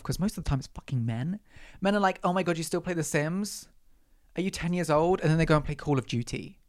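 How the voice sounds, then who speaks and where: A woman's voice: low voice, no echo, studio quality. A young woman hosting a solo podcast, ranting with exaggerated, sweary outrage. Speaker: podcast host. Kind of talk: solo comedic rant.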